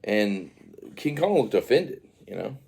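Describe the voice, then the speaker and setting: A man's voice: on the low side, big pitch swings, unhurried, creaky, a little mellow, slightly rough. A man telling his baby a rambling, improvised story, full of fillers and asides.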